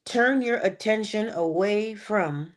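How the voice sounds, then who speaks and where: A woman giving a motivational morning talk, animated and playful, with chatty asides. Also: mid-range voice, slow pace. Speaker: inspirational speaker.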